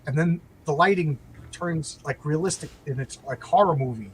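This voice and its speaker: A man in casual chat, retelling a TV show in a rambling, animated way, full of restarts and quoted lines. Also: on the high side, moderate pace, faint music behind, low-quality recording. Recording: faint background noise.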